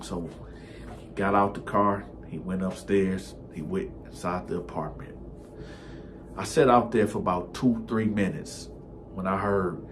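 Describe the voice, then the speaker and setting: A man's voice: deep voice, a little slow, slight background noise. Laid-back slangy man telling a story. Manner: animated, slangy, acts out the characters. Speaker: storytime host. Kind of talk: casual storytelling.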